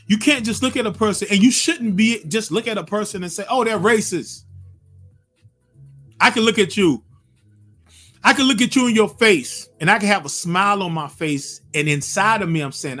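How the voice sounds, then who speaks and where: Animated man ranting on a podcast. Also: high-pitched, measured pace, long pauses. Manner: animated, acts out quotes in voices, swears freely. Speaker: podcast host. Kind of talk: casual opinion talk. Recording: faint music behind.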